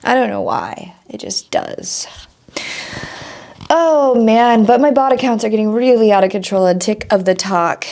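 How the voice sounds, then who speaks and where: A woman's voice: medium pitch, moderate pace, gravelly, few pauses, darkish tone. A young woman streamer talking candidly to the camera, rambling and swearing casually. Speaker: streamer and content creator.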